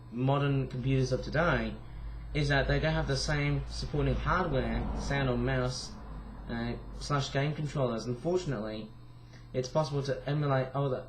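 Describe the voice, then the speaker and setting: A tired young man with a croaky voice, rambling casually through a vlog with lots of fillers and restarts. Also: mid-range voice, a little hiss or hum. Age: young adult. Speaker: vlogger.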